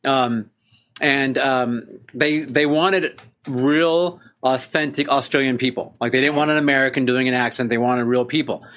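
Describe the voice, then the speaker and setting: A podcast co-host speaks in a mid-range, fairly bright voice with a steady tone and moderate pace. He tells stories in a chatty, casual way and laughs often.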